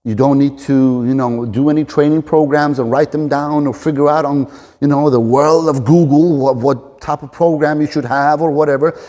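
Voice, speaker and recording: A man's voice: a little high, fairly even intonation, moderate pace, warm tone, dull audio. A man in his forties giving an earnest, encouraging motivational talk to camera as a fitness coach. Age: 40s. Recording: long reverb of a large room.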